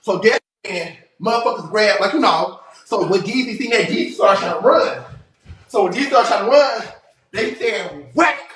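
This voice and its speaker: A breathless man livestreaming, loudly acting out a fight story with profanity and sound effects. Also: high voice, animated, normal speed, recorded from a distance. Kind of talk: animated storytelling. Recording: roomy echo, faint noise.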